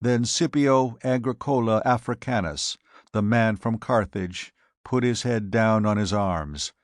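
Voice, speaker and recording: A man narrating a science fiction audiobook in a measured, dramatic storytelling manner. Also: fairly low pitch, no echo, studio quality.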